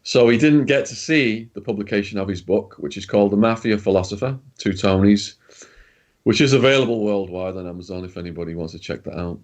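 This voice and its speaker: Speaking a little quickly in a lowish voice, this Briton is a guest in an interview, spinning casual stories. He's direct and talkative, dropping slang and the odd curse.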